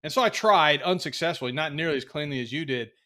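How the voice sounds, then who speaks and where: A man's voice: fairly high pitch, animated, quick pace, bright, forceful tone. A man co-hosting a podcast, telling easygoing anecdotes in casual chat. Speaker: podcast co-host.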